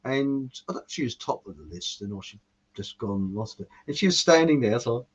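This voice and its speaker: Male host, rambling, chuckles at his own gags, mid-pitched, dull lo-fi sound. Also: expressive, fairly quick, slightly rough. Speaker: show host. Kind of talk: casual chat reading viewer comments. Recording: muffled lo-fi audio.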